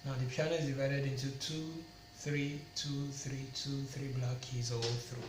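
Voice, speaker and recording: A man teaching a piano lesson, explaining slowly step by step and naming fingers and notes. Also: mid-range voice, flat delivery, noisy background. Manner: slow, step-by-step explaining, counting fingers and singing note names. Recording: echoey room with loud piano. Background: piano playing.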